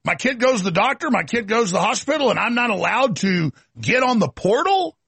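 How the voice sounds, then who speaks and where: A man's voice: high-pitched, very animated, fairly quick, vocal fry, a bit bright, husky, no echo, heavily acted. A man voicing an exasperated mother who is outraged at being locked out of her child's medical portal. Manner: exasperated, incredulous. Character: indignant mother shut out by doctors.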